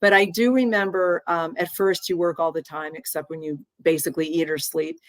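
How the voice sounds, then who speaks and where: Earnest low-voiced woman host in her 60s. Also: steady tone, no room sound. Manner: earnest, halting with restarts. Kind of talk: interview conversation.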